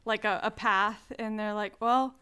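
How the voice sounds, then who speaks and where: Chatty woman with a smooth voice. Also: mid-range voice, unhurried, a bit bright. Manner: chatty, lots of fillers and laughter. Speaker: podcast co-host. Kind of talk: casual chat.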